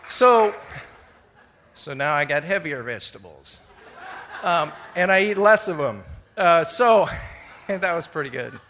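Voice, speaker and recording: A middle-aged man speaks to a room of fellow members with a bright, ringing voice pitched a bit high. He rambles through his story with fillers and false starts. He stays earnest and now and then laughs at himself. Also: lively intonation, unhurried, pauses often, a little hiss or hum. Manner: rambling, conversational, many fillers and restarts. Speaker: speaker sharing at a recovery meeting. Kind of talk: personal recovery share to a live audience. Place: indoor meeting room with an audience.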